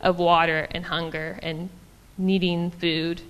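A woman's voice: on the low side, little pitch movement, takes it slowly, clear, resonant tone, in a large hall. A woman giving a casual, chatty sermon in a church, with frequent ums and small laughs. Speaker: church speaker.

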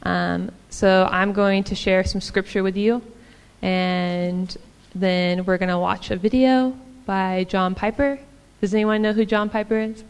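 A woman's voice: mid-range voice, steady tone, measured pace, hardly any pauses, clear, resonant tone, big-room sound. A woman giving a casual, chatty sermon in a church, with frequent ums and small laughs. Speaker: church speaker.

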